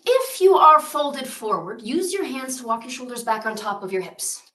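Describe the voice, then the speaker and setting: Playful woman yoga teacher, high bright voice, roomy far-off sound. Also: animated, moderate pace. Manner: playful, jokey asides. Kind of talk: guided yoga class with storytelling.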